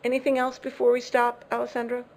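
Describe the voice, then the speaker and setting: A woman's voice: a little high, completely flat delivery, fast. A woman English teacher giving a lesson, patiently explaining, repeating key words and checking if students follow.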